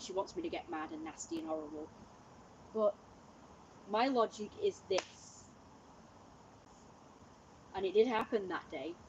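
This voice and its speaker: A woman's voice: medium pitch, darkish tone, slight background noise, poor audio. A woman livestreaming from home, telling a long story in casual, rambling chat full of "like" and restarts.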